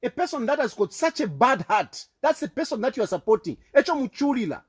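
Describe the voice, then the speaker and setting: A man's voice: very high-pitched, very animated, quick pace, husky. A man with a Zambian accent delivering an impassioned, repetitive political rant, accusing and fervent. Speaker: political commentator.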